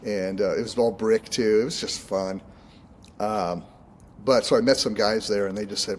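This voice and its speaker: A man from Oregon, a minister and contractor, chatting casually as a guest in an interview, relaxed and rambling, often laughing. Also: fairly low pitch, normal speed, slight background noise. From Oregon, United States.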